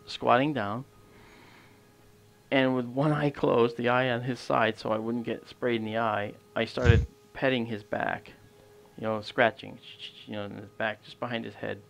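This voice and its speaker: Man with a gravelly voice, rambling storyteller. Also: mid-range voice, unhurried. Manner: rambling, many fillers and restarts, animated quoted dialogue. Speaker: astronomy livestream host. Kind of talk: casual anecdote storytelling.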